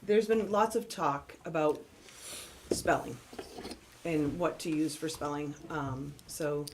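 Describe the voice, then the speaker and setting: A woman with a low voice answers questions at a school board meeting, explaining curriculum and training. She speaks in an informative, matter-of-fact way, with faint background noise. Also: slow pace. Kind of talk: meeting discussion.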